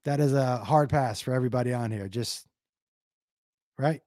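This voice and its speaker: Reading his live chat, a comedian streamer chats through stories in an animated, heavily profane way, punctuated by silly noises. His voice is medium-pitched at a normal speed, recorded with studio quality and no room sound.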